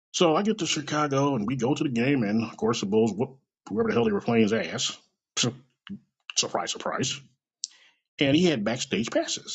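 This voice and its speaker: A man telling a rambling, animated story late at night over a phone mic, swearing often and acting out the voices of people in it. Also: mid-range voice, slightly rough, lo-fi sound. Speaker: storyteller on an audio app.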